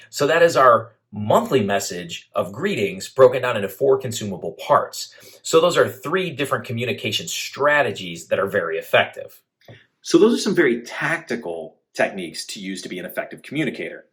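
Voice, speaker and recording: A man teaching a leadership training lesson, methodical and clear, laying out his points one after another. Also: on the low side, fairly bright tone. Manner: clear, methodical, speaks in lists.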